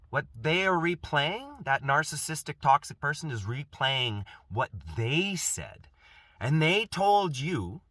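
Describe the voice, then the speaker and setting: Impassioned man, bright dry voice. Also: mid-range voice, dry recording. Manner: impassioned, repeats and restarts phrases. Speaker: self-help speaker. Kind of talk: earnest spoken monologue.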